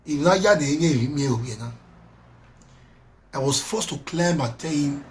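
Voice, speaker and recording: A Nigerian man speaking in Pidgin English, his voice sitting a little high. He scolds and rants in an animated monologue, repeating himself and swinging between loud bursts and quieter lines. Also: measured pace, slight background noise. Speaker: social media commentator. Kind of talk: heated monologue.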